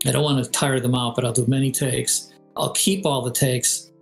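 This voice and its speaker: A man's voice: mid-range voice, moderate pace, creaky, faint music behind, poor audio. An older man, a game composer and audio director, talking casually in an interview. He tells stories with energy, sings melodies and imitates voices. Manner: animated storyteller, sings melodies and mimics voices. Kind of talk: casual interview over video call.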